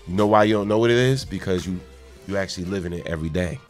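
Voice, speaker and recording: A man with a fairly low voice co-hosts a call-in radio show, speaking calmly and deliberately. Faint music sits behind him. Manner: calm, measured, agreeable backing.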